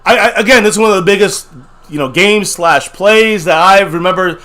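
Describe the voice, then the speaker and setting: A man co-hosting a fan watch-party stream, reacting to a live game, shouting predictions and calling plays, his voice going hoarse. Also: high voice, fairly quick. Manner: excitable, shouts predictions, reads out the play. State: losing his voice.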